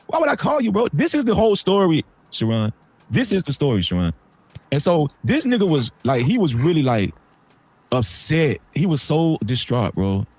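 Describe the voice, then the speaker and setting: A man tells a long story on his livestream in loose, slangy speech, his voice rising and falling widely and often breaking into loud bursts. He sits close to the mic in a dry, dead room. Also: normal speed, no room sound. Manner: animated, slangy, swings between low asides and loud outbursts. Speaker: livestream host.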